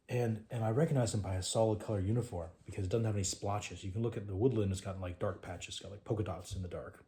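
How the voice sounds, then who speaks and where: Guy with a deep mellow voice telling a war story to his class, lively, goes hushed sometimes. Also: fast talker. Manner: animated storytelling, trails off to a hush.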